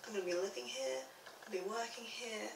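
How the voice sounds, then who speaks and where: A woman's voice: a little high, a little fast, gravelly, distant mic. A young woman, talking nervously to camera in a vlog about a new room, rambling and reassuring herself. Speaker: vlogger. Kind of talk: personal vlog diary. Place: newly rented room, indoors. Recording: echoey room from off-mic, background noise.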